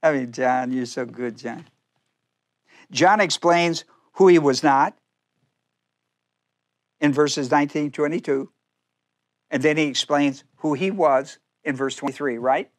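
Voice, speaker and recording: A man delivers a casual, animated sermon with a somewhat high voice. He slips into the voices of the figures he talks about and laughs at his own asides. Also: a little slow, pauses often. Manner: animated, acts out speakers in first person, laughs often. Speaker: pastor.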